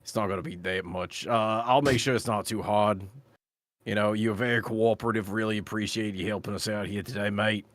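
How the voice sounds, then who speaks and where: A smooth-talking swindler poses as a friendly official, breezy and polite, as a man plays him at a tabletop game. His voice is fairly low and the sound is dry and close. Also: steady tone, brisk, dry recording, lightly acted. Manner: breezy and overly polite, keeps saying "mate". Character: smooth-talking male con artist posing as an official.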